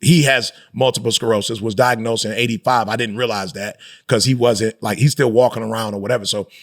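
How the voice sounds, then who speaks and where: Fairly quick and steady in tone, this man's voice runs on the low side. He's a middle-aged motivational speaker and pastor guesting on a podcast, speaking frankly in a conversational interview. Reflective and emphatic, he drops in slangy asides along the way.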